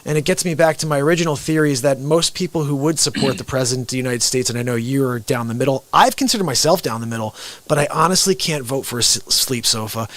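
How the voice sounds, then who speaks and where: A man hosting a talk show, telling stories in a lively way and acting out the voices of the people in them. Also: medium pitch, fast, dry recording. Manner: animated storyteller, acts out the people in his stories. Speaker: host. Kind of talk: casual talk show conversation.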